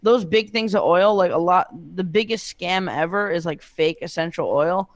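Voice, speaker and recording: A young man telling stories in casual chat, animated and full of swearing. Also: high-pitched, moderate pace, dry recording. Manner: animated storytelling, heavy swearing.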